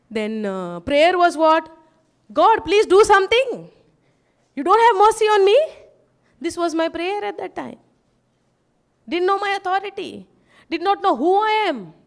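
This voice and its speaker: A woman, giving a sermon testimony to a congregation, often asking them "yes or no?" and dropping low and soft in her asides.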